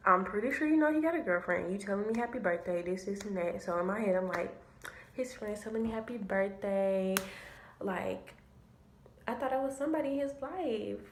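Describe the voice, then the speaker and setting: A young woman telling a story to camera, animated and slangy, swearing freely. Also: mid-range voice, a little hiss or hum. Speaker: vlogger. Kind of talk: casual storytime. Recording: echoey room.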